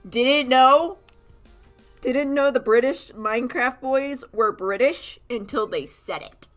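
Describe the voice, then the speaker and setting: A woman's voice: a little high, measured pace, faint music behind. A woman from Canada chatting casually on a live stream while she draws, rambling and laughing at herself as she answers chat. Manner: rambling, giggly, self-mocking, talks to chat. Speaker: streamer and animator.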